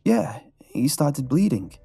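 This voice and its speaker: A man voicing a young male patient, a flippant joker in the story, raised and loud. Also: fairly high pitch, sing-song, slow, creaky, slightly rough, pitched above the performer's own voice, heavily acted. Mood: blunt. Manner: loud, repeated screaming. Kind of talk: storybook horror narration.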